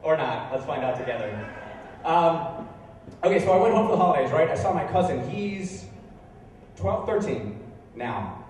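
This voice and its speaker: A young man performing stand-up comedy, telling stories in a deadpan way that jumps into incredulous high outbursts. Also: normal speed, long pauses, a little hiss or hum. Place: bar venue with a live audience. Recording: echoey room recorded from far off.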